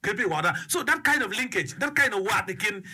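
Emphatic high-voiced man. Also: animated, fast talker, sharp tone, breathy edge. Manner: emphatic, repeats phrases, checks in with "okay?" and "eh?". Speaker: speaker on education and community. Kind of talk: casual explanatory talk mixing English and a local language.

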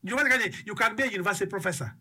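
Emphatic high-voiced man. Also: racing, bright, forceful tone, slightly rough. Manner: emphatic, repeats phrases, checks in with "okay?" and "eh?". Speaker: speaker on education and community. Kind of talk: casual explanatory talk mixing English and a local language.

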